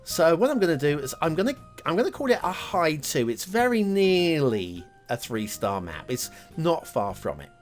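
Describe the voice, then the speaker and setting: Chatty man with a lively, rambling delivery. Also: a little high, normal speed, soft background music. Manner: chatty, rambling, many fillers and self-deprecating asides. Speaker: show host reviewing game maps. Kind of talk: casual commentary over gameplay.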